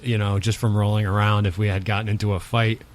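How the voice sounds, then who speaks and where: A man co-hosting a podcast, chatting in a relaxed way and telling his own stories. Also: lowish voice, fast. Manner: relaxed, laughs often, asks short questions. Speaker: podcast co-host. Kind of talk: casual chat.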